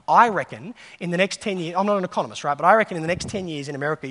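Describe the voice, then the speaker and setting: The keynote speaker at this conference has a fairly high-pitched, fairly bright voice, heard in a reverberant large hall as he stands on stage. His talk is built on stories, with the voices of quoted people acted out.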